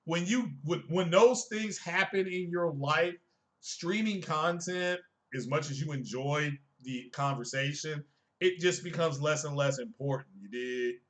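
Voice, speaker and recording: A man's voice: fairly high pitch, a little slow. A man streaming casual commentary on tech and games, emphatic and chiding, asking his viewers rhetorical questions.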